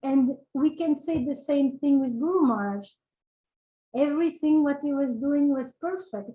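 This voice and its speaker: A woman sharing personal memories in casual, halting speech, searching for words with many fillers and little laughs. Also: high voice, warm tone, rough recording. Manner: laughs between phrases. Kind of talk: casual spoken reminiscence.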